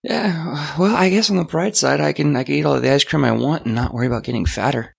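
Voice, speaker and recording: A young man playing a goofy, anxious newly turned vampire, stammering and gravelly. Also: on the high side, quick pace, no echo, studio quality, heavily acted. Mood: fretful. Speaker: player voicing a character.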